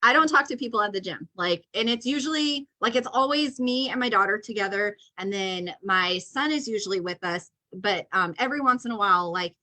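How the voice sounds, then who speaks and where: A middle-aged woman talks casually on a video call, her voice bright and forward. She tells stories at length, full of fillers and dry, deadpan jokes. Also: mid-range voice, fairly quick, hardly any pauses, low-quality recording. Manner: chatty storyteller, many fillers, deadpan jokes. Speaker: podcast co-host. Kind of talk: casual chat.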